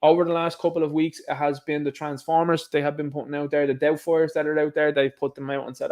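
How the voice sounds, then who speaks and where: A man's voice: on the high side, level tone, fast talker, darkish tone. A man with an Irish accent hosting a livestream, giving emphatic opinionated commentary and reading viewers' chat messages aloud. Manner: emphatic, ranting, talks straight to viewers. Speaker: livestream host.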